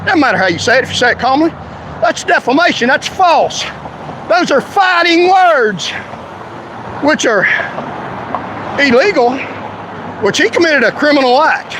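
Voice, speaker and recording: A man's voice: very high voice, sing-song, normal speed, long pauses, background noise. A man in a heated, indignant, confrontational rant straight to his followers. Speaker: vlogger ranting to followers. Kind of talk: angry direct-to-camera rant.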